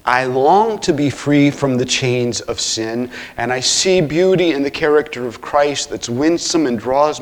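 A man preaching an expository sermon, earnest, with self-corrections and asides, swinging from hushed near-whispers to loud, emphatic exclamations. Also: mid-range voice, a little slow, few pauses. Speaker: pastor.

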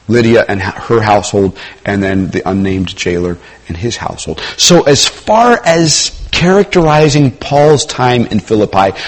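A middle-aged man with a medium-pitched voice preaches a sermon conversationally, building to loud emphasis and then dropping into quiet asides.

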